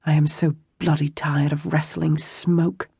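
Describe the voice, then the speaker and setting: An audiobook narrator voicing a bold young woman who plans a street scheme, speaking briskly and to the point. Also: medium pitch, flat delivery, vocal fry, dark tone, husky, no room sound, studio quality, exaggerated voice.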